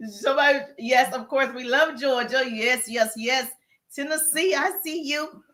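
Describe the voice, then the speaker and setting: A woman's voice: sits high, measured pace, bright, forceful tone. A woman with a Southern US accent hosts a live business Q&A stream, greeting viewers in the chat with upbeat energy while walking on a treadmill and getting over a cough. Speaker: livestream host, business coach.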